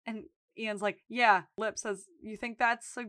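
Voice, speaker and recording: A woman's voice: mid-range voice, little pitch movement, normal speed, fairly bright tone, no echo, studio quality. A woman co-hosting a podcast, animatedly retelling a TV episode and acting out the characters' lines in casual chat. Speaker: podcast co-host.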